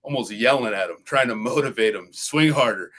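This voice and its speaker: A man's voice: on the low side, fast talker, fairly bright tone. A middle-aged man, a golf coach and guest, explaining in an easygoing way and often adding "you know" and "right". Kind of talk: casual interview talk.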